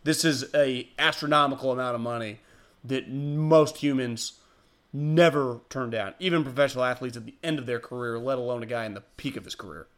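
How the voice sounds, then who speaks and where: A man hosting a casual sports talk show, talking in an animated way and breaking into loud, excited bursts. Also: mid-range voice, brisk. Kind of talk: casual sports radio chat.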